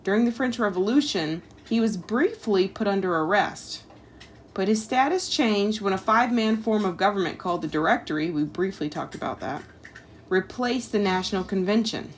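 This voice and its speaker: A woman's voice: mid-range voice, animated, normal speed, a little hiss or hum. A woman, reading a history book aloud at home and chatting about it with her child, with casual asides and lots of "like" and "um". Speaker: homeschool parent reading a history lesson.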